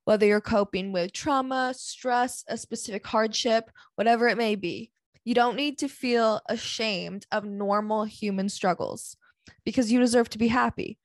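A woman's voice: a little high, moderate pace, no room sound. Female host, upbeat persuasive ad read, dry close sound. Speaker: podcast host reading a sponsor ad.

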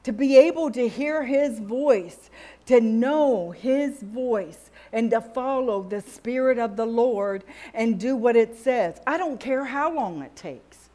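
A middle-aged woman delivers a sermon, her voice sitting a little high. She tells personal stories and acts out the lines of the people in them. Her preaching moves easily between teaching and testimony. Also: lively intonation, slow pace, warm tone. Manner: storytelling, acts out dialogue with God and others.

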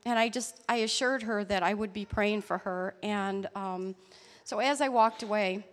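A woman telling a personal faith story in an earnest, halting way. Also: medium pitch, in a large hall. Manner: earnest, halting storytelling with restarts and soft laughs. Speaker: church member sharing a testimony. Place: church hall.

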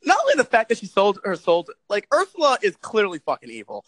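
A young man with a high voice talks in a loose, rambling way. He swears freely, laughs often and fills his talk with "like". The sound is dry and close, with no room echo. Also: wildly swooping pitch, fast, a bit bright. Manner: rambling, profane, laughs often, many filler likes. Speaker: podcast co-host. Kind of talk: casual chat.

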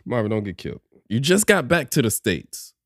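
A man's voice: mid-range voice, big pitch swings, brisk, no echo, clean studio sound. A man co-hosting a podcast, talking casually in an opinionated, playful way. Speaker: podcast co-host. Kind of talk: casual chat.

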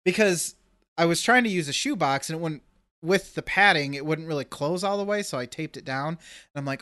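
A man co-hosting a podcast, telling an animated story in casual chat and acting out his own reactions. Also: a little high, brisk, no room sound, clean studio sound. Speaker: podcast co-host.

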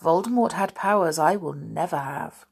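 A woman voicing a wise, gentle elderly male wizard who speaks calmly and teasingly. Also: low voice, normal speed, gravelly, breathy edge, exaggerated voice.

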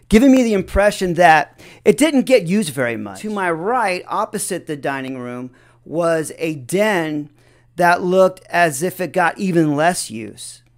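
Brief: male storyteller, unhurried, reflective, light chuckles throughout. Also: on the high side. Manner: chuckles often between sentences.

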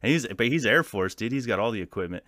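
A man from the United States in his thirties tells stories as a podcast guest. He swears freely and gets animated, laughing as he goes. His voice sits low and the sound is dry and close. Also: quick pace, no echo. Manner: profane, animated anecdote-telling with laughs. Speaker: podcast guest, former soldier. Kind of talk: casual storytelling.

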